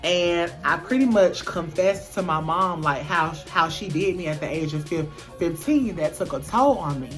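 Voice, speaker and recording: A young woman vlogger telling a storytime piece in a blunt, candid, casual way, swearing freely and filling pauses with "um". Her voice sits a little low for a woman. Faint music plays underneath. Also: expressive. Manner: candid, casual, profane, lots of "um" fillers. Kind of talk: storytime vlog.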